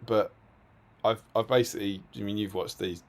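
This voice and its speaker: A man, co-hosting a hobby stream in casual chat, laughing often and letting his sentences trail off quietly. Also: fairly low pitch, fairly even intonation, moderate pace. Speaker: co-host of a tabletop wargaming stream.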